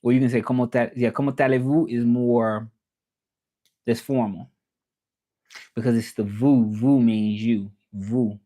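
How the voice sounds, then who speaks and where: A man with a Southern US accent chatting casually on his livestream, relaxed and talkative, repeating phrases and slipping in some French. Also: mid-range voice, measured pace, pauses often. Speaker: interpreter and livestream host.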